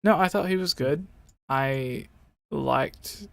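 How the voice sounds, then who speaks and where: A man's voice: fairly high pitch, slow pace, creaky, dry recording, studio quality. A man co-hosting a casual podcast, talking in a laid-back, hesitant way with fillers. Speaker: podcast co-host.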